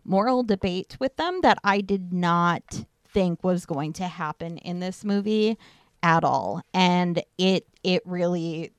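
A woman's voice: fairly low pitch, slow, clear, resonant tone, dry recording. A woman co-hosting a podcast, talking casually about a film, candid, laughing easily and swearing freely. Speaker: podcast co-host. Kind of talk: casual movie review chat.

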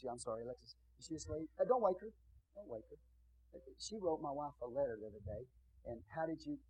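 A man's voice: medium pitch, a little mellow, husky, no room sound, poor audio. A male pastor preaching and praying before his congregation, talking in a folksy, chatty way with asides to the people in the pews. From Texas. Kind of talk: sermon and prayer.

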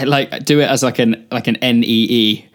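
A man's voice: mid-range voice, fairly even intonation, a little slow. A man co-hosting a casual podcast, teasing his friend dryly and laughing along. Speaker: podcast co-host. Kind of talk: casual chat.

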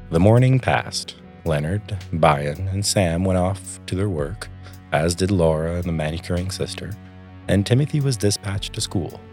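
A man narrating a story aloud in a calm, measured reading voice. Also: low-pitched.

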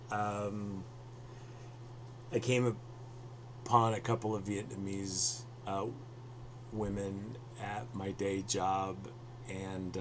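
A man's voice: low voice, slight background noise. A man hosting a podcast over a video call, rambling with many fillers and restarts. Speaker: podcast host.

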